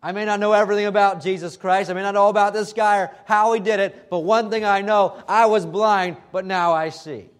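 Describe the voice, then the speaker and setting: A man's voice: high voice, fairly even intonation, fairly quick, hardly any pauses, close to an everyday voice. A man voicing a formerly blind man who stands firm and defiant, speaking emphatically.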